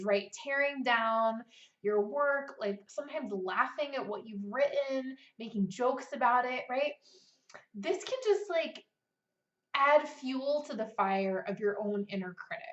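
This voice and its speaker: A woman in her thirties talking casually as a writing coach, peppering her speech with "like" and "right?". Her voice sits a little high. The room is echoey and the sound is a bit dull. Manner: chatty, frequent "like" and "right?". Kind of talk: casual vlog talk. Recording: roomy, slightly dull recording.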